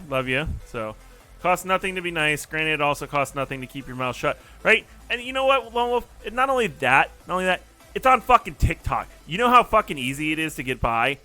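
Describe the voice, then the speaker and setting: Profane, fired-up man ranting on stream. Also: a little high. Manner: heated, profane, ranting with swings in loudness. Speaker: livestream host. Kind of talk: casual livestream rant. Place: his apartment.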